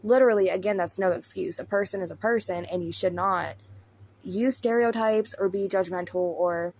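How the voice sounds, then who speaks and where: A woman's voice: mid-range voice, moderate pace, a little mellow, slight background noise. A woman with a Southern US accent giving blunt, chatty commentary, often addressing viewers as y'all. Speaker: commentary host. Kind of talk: casual commentary.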